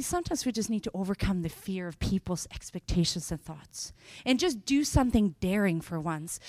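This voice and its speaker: A woman preaching a sermon, telling Bible scenes with lively voices and slowing down on key phrases. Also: medium pitch, no echo, clean studio sound. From Sweden. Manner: expressive, acts out scenes with sudden loud bursts.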